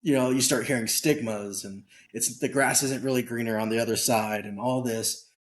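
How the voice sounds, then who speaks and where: A man guest on an interview show, telling a story in a candid, casual way with lively acted-out bits of dialogue. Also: medium pitch, moderate pace. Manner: animated storyteller who acts out quoted dialogue; candid, casual, occasionally swears. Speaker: podcast guest.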